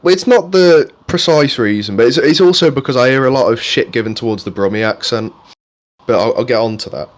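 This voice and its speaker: A man's voice: medium pitch, fairly quick. A young man co-hosting a podcast, rambling casually with plenty of swearing and fillers. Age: young adult. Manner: rambling, profane, lots of fillers. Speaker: podcast co-host. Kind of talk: casual chat.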